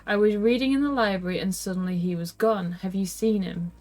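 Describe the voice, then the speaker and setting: A woman's voice: medium pitch, brisk, a little mellow, lightly acted. A woman voicing a haggard old ghost witch in a tabletop gamebook, read in a near-normal voice. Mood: sweetly eerie.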